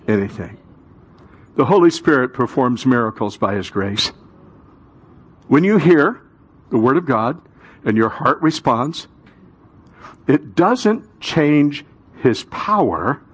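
A male pastor preaching a sermon, building to loud emphatic peaks and calling the congregation to repeat after him. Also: mid-range voice, husky.

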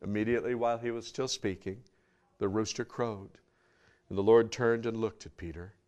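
A man's voice: lowish voice, steady tone. Emphatic male preacher, sermon. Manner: emphatic, swings from loud to hushed, dramatic pauses.

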